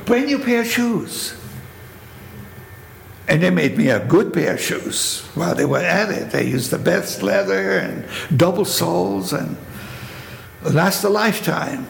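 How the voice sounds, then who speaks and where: Gravelly older man with a German accent. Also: high voice, lively intonation, unhurried. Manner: vivid storytelling, acts out quoted voices, rhetorical questions. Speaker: Holocaust survivor telling his story. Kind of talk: spoken testimony. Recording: echoey hall with faint noise.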